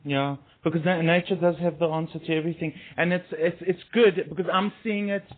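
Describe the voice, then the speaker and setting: A man hosting a radio interview, talking in a halting way with many restarts. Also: on the high side, steady tone. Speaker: radio host. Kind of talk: casual interview chat. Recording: tinny phone line.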